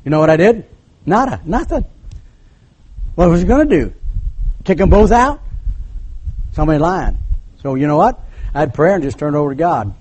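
A man's voice: fairly high pitch, very animated, normal speed, pauses often, slightly rough. Older male preacher telling a story. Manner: storytelling preacher, acts out voices, drops to hushed tones. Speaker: pastor. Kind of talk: sermon.

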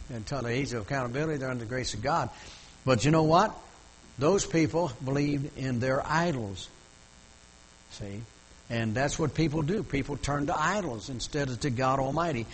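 A man's voice: medium pitch, breathy edge, rough recording. An older male pastor telling a story in a sermon, folksy and full of restarts, rising to emotional emphasis.

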